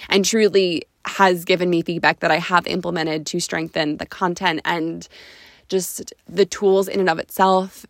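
A woman's voice: lowish voice, fairly bright tone, dry recording, clean studio sound. A young woman hosting her own podcast, talking in an emotional, gushing and casual way, with some swearing. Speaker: podcast host.

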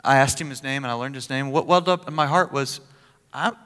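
A man preaching as pastor, telling a personal story in an animated, joking way with laughs and asides. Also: medium pitch, quick pace, clear, resonant tone, big-room sound. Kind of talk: sermon.

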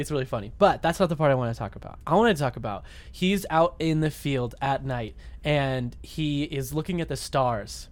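A man's voice: fairly high pitch, a little mellow. A man co-hosting a casual comedic movie chat, rambling and laughing often as he acts out lines from the film. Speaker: podcast co-host.

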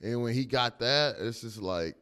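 A man's voice: medium pitch, normal speed, a bit bright, smooth. A young man, a teacher, chatting casually on a podcast, telling loose stories, acting out quotes and laughing often. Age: young adult. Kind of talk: casual chat.

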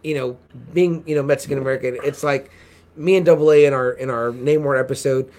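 A man from San Antonio, Texas, co-hosting a podcast, chatting casually and acting out excited quotes. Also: medium pitch, quick pace. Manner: animated storytelling, acts out excited quotes. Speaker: podcast co-host. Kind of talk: casual chat.

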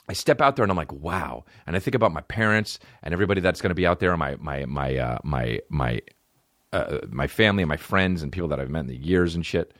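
A male comedian and podcast host telling a profane, animated personal story in casual chat. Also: deep voice, no echo, clean studio sound.

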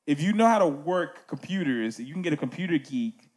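A man's voice: fairly high pitch, lively intonation, brisk, a little mellow. A man hosting a casual music podcast, talking animatedly and checking in with "right?" asides.

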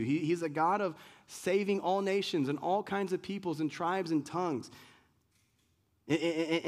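A man preaching a sermon in a loose, conversational way, often restarting and acting out what people say. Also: on the high side. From United States. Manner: conversational preaching with many restarts and acted-out quotes. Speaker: pastor.

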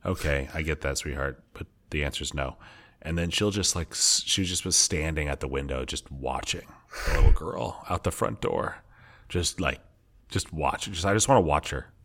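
Man, thirties, very low gravelly voice, podcast co-host, easygoing joking manner, casual family chat. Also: fairly bright tone. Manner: easygoing, joking, quick to laugh.

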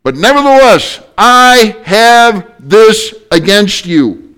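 A man's voice: high-pitched, very animated, slow, a bit bright, clean tone, voice pushed up, exaggerated voice. A male preacher voicing a stern divine figure who reproaches a church with emphatic repetition. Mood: reproachful.

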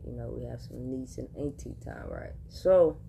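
A woman's voice: a bass voice, wildly swooping pitch, normal speed, creaky, background noise. A woman hosting a podcast, telling a casual story straight to her listeners, chatty and laughing often. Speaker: podcast host.

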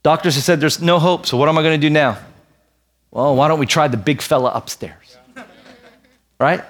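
A man in his thirties, a pastor giving a conversational sermon, telling personal stories in an earnest way and pressing his points hard. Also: a little high. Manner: earnest, personal storytelling that builds to emphatic preaching.

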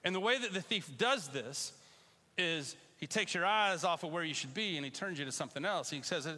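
Animated preacher with a bright, high voice. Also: male voice, brisk, big-room sound. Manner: conversational and animated, with bursts of loud call-and-response. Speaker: pastor. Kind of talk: sermon. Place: church sanctuary.

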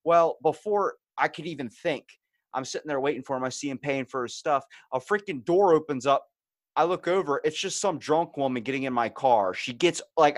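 A man hosting a podcast, telling stories in casual chat with lots of swearing and loud acted-out quotes. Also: medium pitch, fairly quick, no room sound, studio quality. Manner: animated storyteller, swears freely, acts out quotes loudly.

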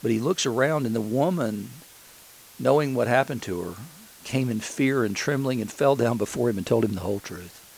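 A man's voice: medium pitch, moderate pace, creaky, a little mellow, husky, low-quality recording. A man preaching a sermon as pastor, telling the story conversationally and often restarting his sentences.

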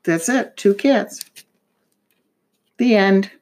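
An older woman, a grandmother, reading a picture book aloud to a small child, pausing patiently to ask him questions. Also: mid-range voice, a little mellow.

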